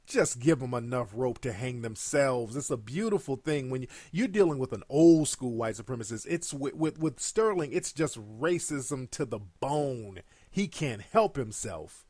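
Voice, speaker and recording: A man's voice: medium pitch, lively intonation, measured pace, darkish tone, no echo. A man giving blunt, mocking commentary over played clips.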